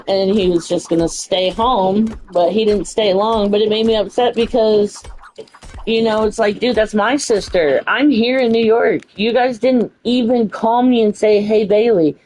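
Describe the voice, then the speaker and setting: A woman's voice: mid-range voice, darkish tone, slight background noise, rough recording. A young woman telling a story in a casual, frustrated way, swearing freely and saying "you know" a lot. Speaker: streamer.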